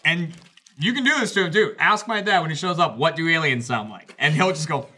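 A man co-hosting a podcast, telling an anecdote in an animated way and laughing at his own story. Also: fairly high pitch, a little fast, husky. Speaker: podcast co-host. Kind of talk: casual chat.

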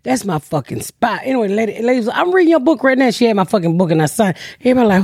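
A brash woman hosting a comedy podcast, telling profane everyday stories and acting out what people said to her. Her voice is husky and swoops up and down with energy. The sound is dry and close to the mic. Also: on the high side, very animated, racing, few pauses, a little mellow, dry recording. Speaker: podcast host. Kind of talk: casual comedic chat.

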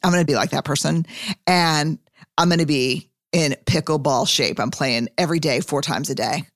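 Woman podcast host, low voice, casual, candid, unhurried when reflecting. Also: dry recording, clean studio sound. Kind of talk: conversational podcast hosting.

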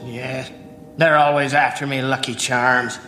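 An actor with an Irish accent playing a superstitious ex-assassin who drawls and sounds puzzled, in a comedy clip. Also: male voice, mid-range voice, level tone, unhurried, over music, close to an everyday voice. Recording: echoey clip with background noise.

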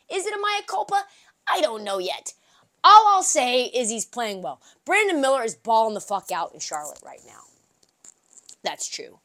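A woman hosting a podcast, delivering a profane, animated sports rant that swings from shouted outbursts to low, mumbled asides, with a migraine. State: has a migraine. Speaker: podcast host.

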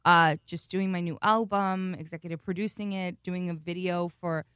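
A woman's voice: lowish voice, fairly even intonation, moderate pace, a bit bright, clean tone, no echo, studio quality. A woman singer appearing as a guest on a radio chat, giggly and laid-back. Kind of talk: casual interview chat.

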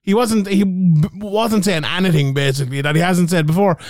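A man's voice: sits high, brisk, darkish tone, dry recording, studio quality. A man co-hosting a casual podcast, ranting animatedly and swearing freely. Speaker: podcast co-host.

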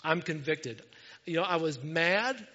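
A pastor telling a story in a sermon, animated and self-mocking, acting out what people said. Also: male voice, on the high side, unhurried, big-room sound, lo-fi sound.

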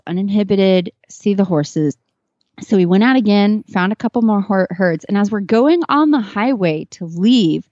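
A woman's voice: medium pitch, darkish tone, no room sound, muffled recording. A woman guest telling a personal story in a casual interview, earnest and emotional, with many fillers and restarts. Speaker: podcast guest, horse trainer.

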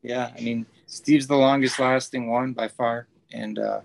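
A man's voice: mid-range voice, steady tone, measured pace, vocal fry, slight background noise, poor audio. A man from Wisconsin, a musician guesting on a podcast, talking in an easygoing way with dry humor. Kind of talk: casual interview chat.

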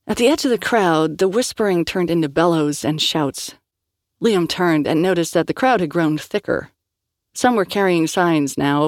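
A woman reads a novel aloud as an audiobook narrator, in a measured storytelling manner. The sound is dry and close, with no room echo. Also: low-pitched.

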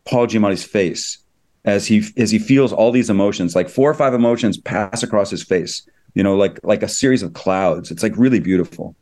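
A middle-aged screenwriter speaks rapidly in a somewhat low register. He tells behind-the-scenes stories with eager, tumbling energy and frequent restarts. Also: darkish tone. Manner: rapid, enthusiastic, many restarts. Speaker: screenwriter and producer. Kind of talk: interview, anecdotal storytelling.

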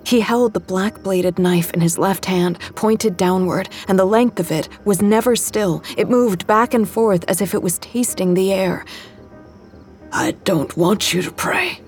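A woman with a mid-pitched voice narrates a first-person thriller. Her storytelling is tense and vivid, and faint music plays softly beneath the reading. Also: moderate pace, hardly any pauses. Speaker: audiobook narrator.

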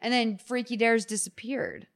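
A woman's voice: fairly high pitch, fairly even intonation, moderate pace. Blunt, jokey woman podcast host. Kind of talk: casual chat.

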